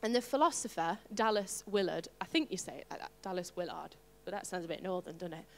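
A woman preaching a sermon to her congregation, animated and playful, with asides to the listeners. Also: mid-range voice, fast talker, big-room sound. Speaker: pastor.

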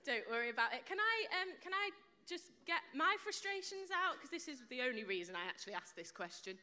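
A woman's voice: high-pitched, very animated, brisk, bright, forceful tone. A woman preaching to a live congregation in a chatty, playful way, joking and quizzing people, on a close mic that picks up her breathing. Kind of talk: chatty sermon with audience banter. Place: church hall with a live congregation. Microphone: close mic without windshield, audible breathing.

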